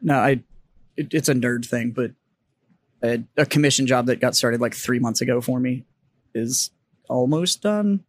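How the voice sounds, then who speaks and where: A man's voice: mid-range voice, moderate pace, pauses often, no echo, studio quality. A man co-hosting a podcast, swearing freely and acting out his reactions in casual banter. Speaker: podcast co-host.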